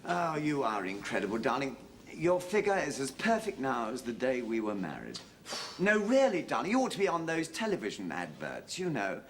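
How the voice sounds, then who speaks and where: A smooth-talking philanderer. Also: male voice, normal speed, a little hiss or hum. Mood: coaxing. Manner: charming, wheedling, with lively pitch swings. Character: smooth-talking womanizing middle-aged husband. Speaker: philandering husband. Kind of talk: studio sitcom acting.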